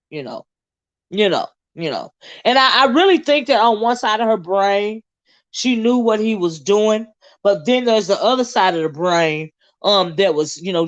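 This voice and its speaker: A woman hosting a casual livestream gossip chat, reading viewer comments aloud in a chatty, laughing way with drawn-out asides. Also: mid-range voice. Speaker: host. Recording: dull lo-fi sound.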